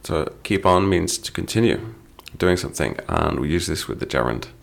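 Deep gravelly guy explaining song lyrics to english learners, patient, low-key. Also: lively intonation, moderate pace. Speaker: English teacher.

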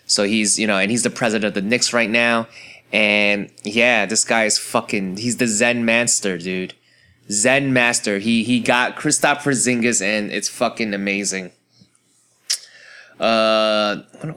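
A man talking on his own in a loose, rambling monologue. He swears constantly, restarts his sentences, and keeps asking the listener rhetorical questions. His voice sits at an ordinary middle pitch. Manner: profane, animated, frequent restarts and rhetorical asides. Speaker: solo commentator.

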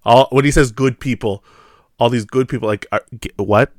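Man, casual film chat, excitable, laughing, rambling, dry sound. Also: medium pitch, moderate pace, no room sound. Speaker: podcast co-host.

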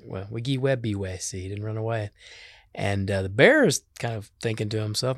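A man's voice: medium pitch, expressive, fairly quick, no room sound, studio quality. A man telling a traditional animal tale in a casual, folksy way, mixing in native words. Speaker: storyteller. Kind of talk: oral storytelling with native words.

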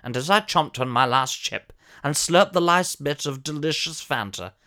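A man's voice: on the high side, animated, normal speed, sharp tone. A man playing a pompous, posh older former soap actor who tells a comic monologue in a plummy, theatrical voice with sudden shrieks.

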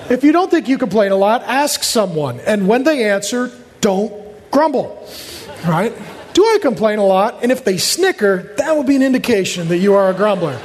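A man delivers a sermon to his congregation in a high, lively voice, acting out complaining voices and adding jokes. His voice carries a long reverb from a large hall. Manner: animated, acts out quoted voices, jokes with the congregation. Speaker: pastor.

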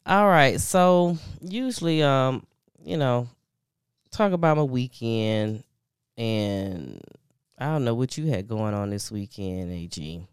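A woman's voice: a bass voice, expressive, slow pace, clean tone, no echo, clean studio sound. A woman hosting a podcast in a casual, laid-back chat, slangy and full of fillers. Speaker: podcast host.

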